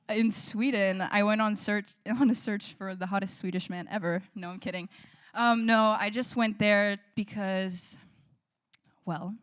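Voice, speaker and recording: A woman singer-songwriter chatting casually with a live audience between songs, laughing often and filling pauses with "um" and "like". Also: mid-range voice. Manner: chatty and warm, laughs often, many "like" and "um" fillers. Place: small indoor live music session.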